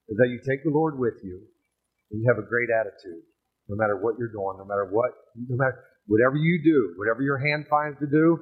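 A man preaching a sermon in an energetic, joking way, often asking the crowd "amen" and "right". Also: medium pitch, slightly rough. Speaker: pastor. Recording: tinny phone-like sound.

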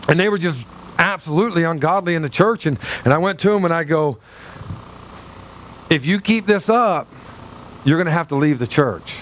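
A man's voice: a little high, expressive, normal speed, pauses often, slight background noise. A middle-aged man, a pastor, preaching a sermon in a loose, conversational way, often restarting his sentences and acting out the voices of people he quotes.

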